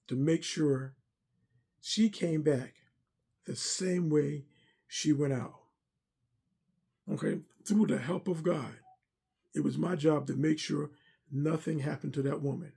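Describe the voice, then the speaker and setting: A man's voice: fairly high pitch, gravelly, a little mellow, slightly rough. A middle-aged man speaking earnestly and a little preacherly as he gives a personal testimony about serving as a pastor's driver and armor bearer. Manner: earnest, preacherly, repeats himself.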